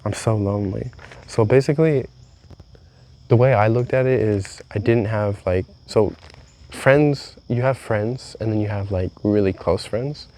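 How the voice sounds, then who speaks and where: A man's voice: on the low side, unhurried, darkish tone. A young man vlogging a candid, rambling confessional monologue, swearing freely as he talks.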